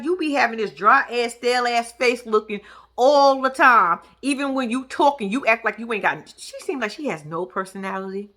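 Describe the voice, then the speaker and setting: A woman's voice: a little high, brisk. A woman talking casually, recapping a TV episode in a sassy, profane, teasing way. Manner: profane, sassy, animated storytelling; sarcastic, teasing. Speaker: reality TV recap vlogger. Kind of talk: casual commentary.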